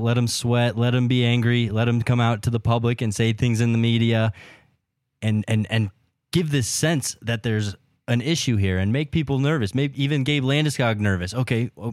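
A man's voice: mid-range voice, a little mellow, dry recording, studio quality. A man co-hosting a sports podcast, chatting and steering the conversation to the next topic. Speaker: podcast co-host. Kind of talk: casual sports podcast chat.

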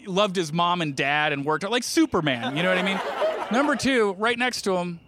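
A man's voice: sits high, expressive, moderate pace, heavy background noise. A middle-aged man from New Jersey doing a stand-up routine on a comedy club stage, telling self-mocking stories with playful asides to the crowd. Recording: live stage mic with audible room ambience.

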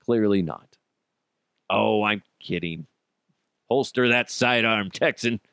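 A man's voice: fairly low pitch, slow, a bit bright, smooth, no room sound, studio quality. A man from Colorado hosting a podcast, ranting in a casual, sarcastic and profane way and laughing at his own jokes. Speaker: podcast host.

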